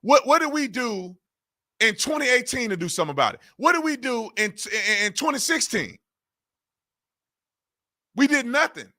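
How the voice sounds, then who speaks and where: Bright, high-pitched exasperated male commentator. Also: lively intonation, normal speed, long pauses. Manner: exasperated, repetitive rhetorical questions, informal grammar. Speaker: political commentary channel host. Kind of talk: ranting political commentary.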